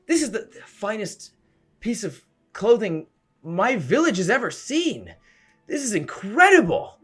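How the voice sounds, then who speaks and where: A man voicing an excitable male dragonborn villager in a tabletop game, shrill and overjoyed. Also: a little slow, slightly rough, faint music behind, exaggerated voice.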